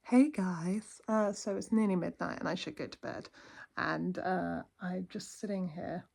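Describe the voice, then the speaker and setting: Lady vlogging late at night from her lounge, quiet and heartfelt, bit of gravel in her voice. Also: lowish voice, fairly even intonation, unhurried. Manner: soft-spoken, heartfelt, rambling. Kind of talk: casual chat to camera.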